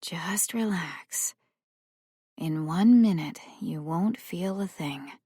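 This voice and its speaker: A woman voicing a gentle female paramedic who hushes and soothes a frantic boy in an audiobook. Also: on the high side, animated, measured pace, dry recording, studio quality, pitched above the performer's own voice. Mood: soothing.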